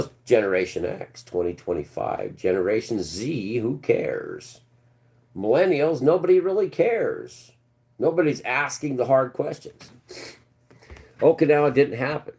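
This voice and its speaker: A man's voice: fairly low pitch, darkish tone. A man hosting a live stream who rambles in a crude, sarcastic rant with many restarts. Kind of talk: ranting live-stream talk.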